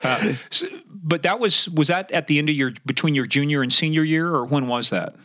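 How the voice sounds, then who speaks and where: A man's voice: a little high, fairly quick, sharp tone. A man co-hosting a podcast, chatting casually and telling joking anecdotes. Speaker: podcast co-host.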